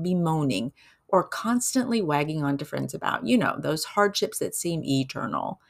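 A woman hosting a devotional podcast, talking earnestly and emotionally, telling a story slowly and putting questions to her listeners. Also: fairly low pitch, creaky. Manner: preacherly, asks listeners questions. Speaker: podcast host.

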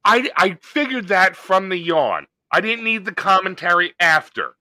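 A man's voice: sits high, big pitch swings, normal speed, sharp tone, no echo. A man co-hosting a podcast, ranting in casual, profane chat and putting on comic voices. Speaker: podcast co-host.

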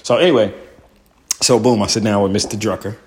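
A man, a stand-up comedian, telling his own story in a loose, profane way full of fillers and "boom". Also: brisk, a little mellow. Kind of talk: casual storytelling.

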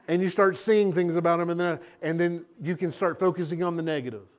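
A man preaching a sermon as a pastor, animated and acting out little scenes. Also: on the high side, a little fast.

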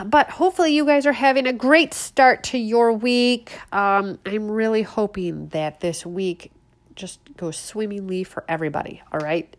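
A woman's voice: a little high, expressive, a little slow, creaky. A woman hosting a political opinion show, talking sarcastically and bluntly with a stuffy nose from a head cold. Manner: sarcastic, mocking, outspoken. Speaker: show host.

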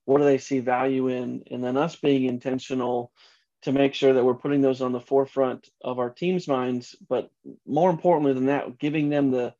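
A man's voice: medium pitch, little pitch movement, moderate pace, mellow, lo-fi sound. A man answering podcast interview questions as a franchise executive, earnest and often restarting his sentences.

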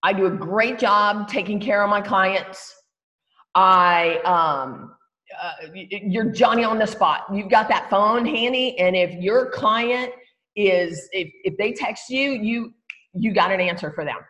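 A woman's voice: mid-range voice, unhurried, sharp tone. A woman co-leading a team training call, chatty and laughing easily as she speaks straight to the group. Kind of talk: casual training talk on a call.

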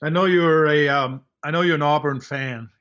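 A man's voice: a little high, moderate pace, a bit bright. A man hosting a podcast, asking his guest questions in a friendly, casual way. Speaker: podcast host. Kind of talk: casual interview.

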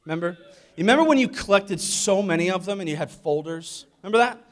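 Man preaching with jokes and audience questions, higher voice. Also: lively intonation, fast talker. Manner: jokey, asks the audience questions. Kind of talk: humorous sermon talk.

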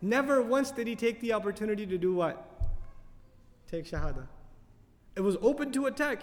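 A man with a high voice teaches a tafsir lecture to his audience. He talks fast and with animation, often asking them questions. The recording has the long reverb of a hall. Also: expressive. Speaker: Quran teacher.

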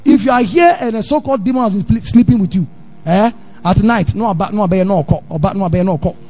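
A Ghanaian pastor preaching a sermon in church, animated, drifting into sing-song and acting out his stories. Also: high-pitched, fast, soft background music. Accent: Ghanaian English.

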